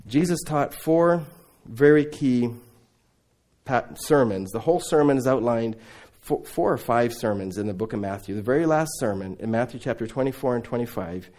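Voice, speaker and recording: A man preaching a sermon to a congregation, telling Bible stories in a lively way, acting out the dialogue and turning to his listeners with asides. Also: mid-range voice, normal speed. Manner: animated storytelling, acting out biblical dialogue. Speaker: preacher raising funds for a mission training center.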